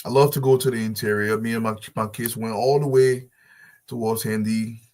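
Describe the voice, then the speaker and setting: A man's voice: fairly low pitch, fairly even intonation, moderate pace, a little hiss or hum. Impassioned man pleading publicly. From Liberia. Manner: fervent, pleading, repetitive, swinging from soft to loud. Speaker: diaspora business advocate.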